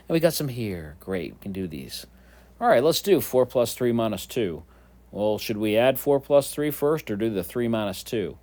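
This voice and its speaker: Playful math teacher, lively pitch. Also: male voice, fairly quick. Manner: playful, jokey, talks to students as kids. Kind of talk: whiteboard math lesson voice-over.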